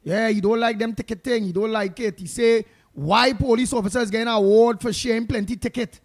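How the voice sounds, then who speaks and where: A man with a Trinidadian accent hosting a call-in radio show, chatting and telling stories in an animated way, with loud outbursts and snatches of song. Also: high-pitched, brisk. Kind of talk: lively call-in radio chat and storytelling.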